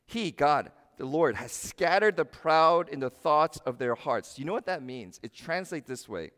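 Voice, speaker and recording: A man preaching a sermon as pastor, emphatic and animated, asking his listeners rhetorical questions. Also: on the high side, moderate pace, big-room sound.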